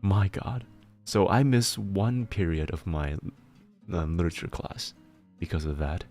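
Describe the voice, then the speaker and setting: Deep-voiced man in rambling stream chat. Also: lively intonation, unhurried, a little mellow, faint music behind. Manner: rambling, laughs often, restarts words. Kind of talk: casual chat while working.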